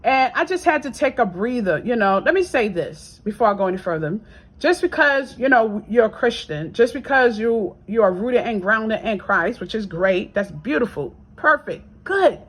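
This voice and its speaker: A woman vlogging a casual faith testimony, chatty and repetitive, swinging between hushed prayer and raised exclamations. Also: a little high, sing-song, moderate pace, breathy edge, rough recording. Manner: chatty and repetitive, with laughs and asides.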